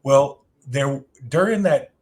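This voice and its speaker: A man's voice: medium pitch, takes it slowly, darkish tone. A man from Alabama, co-hosting a casual sports podcast, telling rambling self-deprecating stories. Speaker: podcast co-host.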